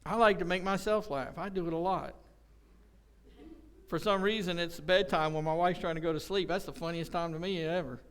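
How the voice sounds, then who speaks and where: A man's voice: sits high, steady tone, normal speed, a bit bright, smooth. A man preaching a casual, conversational sermon at a church service, joking and telling folksy stories with acted-out quotes. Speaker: pastor.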